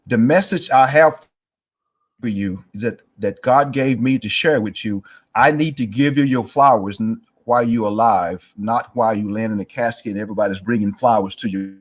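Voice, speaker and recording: A man in his sixties from East Texas, a guest telling a story in an interview and acting out the voices of people he quotes. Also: medium pitch. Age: 60s.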